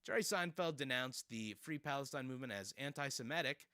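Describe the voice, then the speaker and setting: A man's voice: medium pitch, expressive, brisk, pushed and bright, no echo, clean studio sound. A man hosting casual commentary, sarcastic and rambling with fillers and laughs. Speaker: streamer host.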